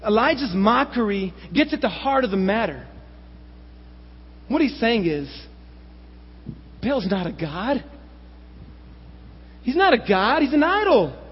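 A man with a very high, husky voice delivers a sermon with sweeping, lively intonation. He works through rhetorical questions and sarcastic asides. The lo-fi recording carries a long hall reverb. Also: unhurried, long pauses. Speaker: preacher.

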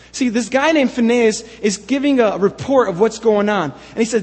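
A man preaches a sermon in a strikingly high, breathy voice. He reads scripture and then retells it with passion. His words ring out with a long reverb, as in a large hall. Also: animated, moderate pace, darkish tone.

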